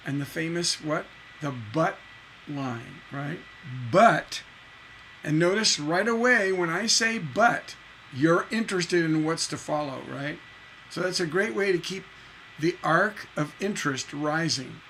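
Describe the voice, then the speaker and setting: A man's voice: on the high side, lively intonation, a little slow, pushed and bright, slight background noise, low-quality recording. A man giving a casual songwriting lesson on a livestream, rambling and chatty, often repeating words and singing syllables to show a rhythm. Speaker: songwriting teacher.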